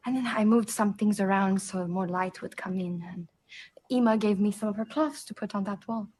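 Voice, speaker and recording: An actress playing a wife greeting her husband home in a drama clip, gentle and eager. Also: medium pitch, moderate pace, husky, close to an everyday voice. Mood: tender. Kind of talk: scripted drama dialogue.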